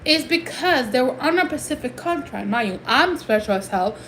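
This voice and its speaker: A woman's voice: high voice, expressive, moderate pace, a bit bright, slight background noise, rough recording. Heated Puerto Rican woman ranting on a livestream. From Puerto Rico. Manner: heated, emphatic, switching between English and Spanish. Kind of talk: casual livestream rant.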